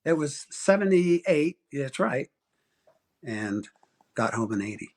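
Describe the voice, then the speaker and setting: A man in his sixties from Arizona, a guest author telling a personal story in a casual interview, animated and acting out quoted voices. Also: slow pace. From Arizona, USA. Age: 60s. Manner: animated storyteller, acts out quoted voices with big pitch jumps.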